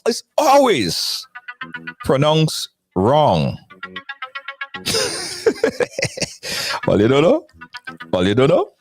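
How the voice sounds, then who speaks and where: Playful live-stream host. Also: mid-range voice. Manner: playful, repeats phrases, greets viewers by name. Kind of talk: casual live-stream chat.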